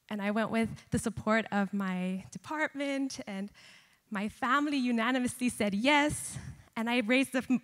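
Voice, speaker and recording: A young woman, a student missionary, telling an earnest personal testimony at a chapel service. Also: mid-range voice. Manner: earnest, heartfelt storytelling. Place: large university chapel. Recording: long reverb of a large chapel.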